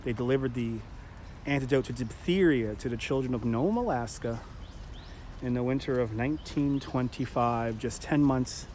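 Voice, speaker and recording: Here the Brooklyn host, New York accent and all, narrates his live-stream walking tour of a city park in a loose, chatty way, joking, laughing frequently and saying hello to viewers. The voice is mid-range and slightly mellow at a moderate pace, with a little background hiss or hum.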